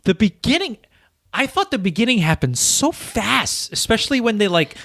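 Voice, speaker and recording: A man co-hosting a podcast in casual chat, animated and swearing, often acting out scenes in silly voices. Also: sits high, normal speed, no room sound, studio quality. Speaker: podcast co-host.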